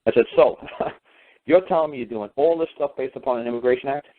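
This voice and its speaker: A man in a ranting radio monologue, blunt and casual with his swearing. His voice sits at an ordinary pitch. It comes through a narrow phone line with no room sound at all. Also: no room sound. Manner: blunt, fast-talking, mimics officials in quoted exchanges. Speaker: radio show host. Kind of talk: ranting monologue with acted-out dialogue.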